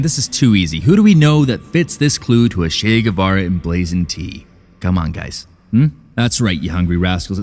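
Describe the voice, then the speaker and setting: A man's voice: fairly low pitch, a little mellow. An actor playing a sarcastic, exasperated male true-crime podcast host in an audio drama, impatient and theatrical.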